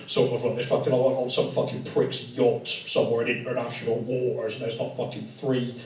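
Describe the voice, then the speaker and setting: In a tattoo studio, a male comedian does live stand-up, rambling conversationally and swearing freely in a mid-range, level, darkish voice at a brisk pace. The room is echoey, the mic distant, and the audience laughs.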